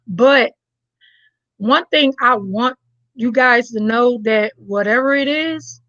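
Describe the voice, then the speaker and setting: A woman's voice: on the high side, a little slow, fairly bright tone, no room sound, dull audio. A woman from New Jersey, a reverend and mother, giving a candid testimony and speaking directly to listeners. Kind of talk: personal testimony.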